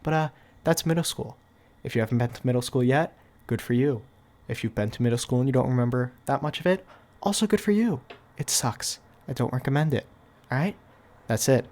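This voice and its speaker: A young storytime YouTuber with a medium-pitched, slightly mellow voice talks a little fast as he casually tells a story. He rambles, packs his talk with constant "like", and drops offhand, wry asides.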